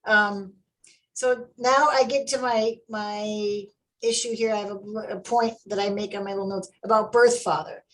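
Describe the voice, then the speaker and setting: A woman interviewing an author in a conversational webinar, enthusiastic and lively. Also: medium pitch, normal speed, low-quality recording. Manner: enthusiastic, animated when quoting herself. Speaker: interviewer, adoptive parent.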